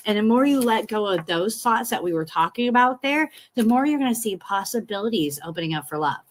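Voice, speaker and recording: A woman's voice: medium pitch, lively intonation, fairly quick. A woman hosting a live tarot reading from home, talking in a chatty, encouraging and reassuring way. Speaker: tarot reader.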